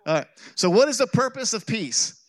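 A man pastor preaching a sermon, telling a story with jokes and animated delivery. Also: high voice, moderate pace, no room sound, studio quality. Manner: animated, joking, with restarts.

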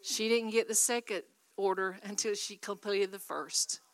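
A woman guest speaker preaches a sermon, exhorting her listeners and inviting call-and-response from the audience. Her voice is mid-range and her pace moderate.

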